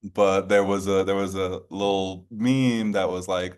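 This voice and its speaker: A man's voice: low-pitched, fairly even intonation, darkish tone, clean tone. A man from New Orleans hosting an interview in a conversational way, often rephrasing and circling as he shapes his questions. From New Orleans, USA. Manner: halting, rephrases a lot while forming questions. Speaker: interview host.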